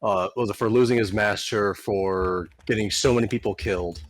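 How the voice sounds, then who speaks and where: A man playing in a tabletop game, telling stories in an animated way and swearing freely while chatting with friends. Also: fairly low pitch, normal speed, slight background noise. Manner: profane, animated storyteller. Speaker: player. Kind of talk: casual chat at a tabletop game.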